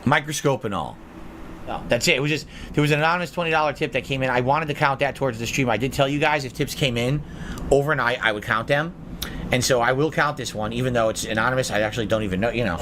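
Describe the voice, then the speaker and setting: A man's voice: mid-range voice, fast, a bit bright, slight background noise. A man hosting a live-stream podcast who chats casually with his viewers, reading out their messages and answering them with blunt sarcasm.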